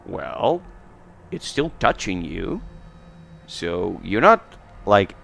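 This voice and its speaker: A man's voice: low voice, very animated, very slow, creaky, a bit bright, a little hiss or hum. A man running a tabletop role-playing game as game master, patiently explaining the rules and narrating events.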